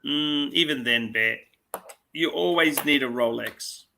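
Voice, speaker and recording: A man hosting a casual livestream chat about watches, laughing often and repeating himself when excited. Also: mid-range voice, a little slow, vocal fry, slight background noise. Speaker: livestream host.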